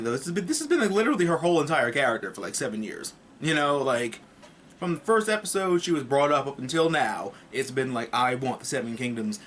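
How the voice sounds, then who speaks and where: This man speaks in a mid-range, somewhat bright voice, with a bit of hiss or hum in the recording. Reviewing a TV episode for his vlog, he wanders off topic, curses, and cracks jokes along the way.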